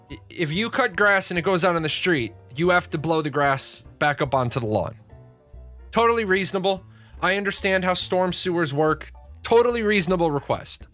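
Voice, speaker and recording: A man hosting his own stream, telling a profane story in a casual, animated way. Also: fairly high pitch. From Illinois. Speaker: streamer host. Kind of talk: casual chat, storytelling rant.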